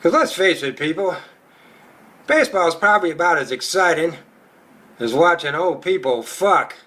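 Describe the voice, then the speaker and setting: A man doing a stand-up comedy routine, crude and profane, with a rowdy storytelling delivery. His voice sits high and comes across bright and sharp. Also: expressive, normal speed.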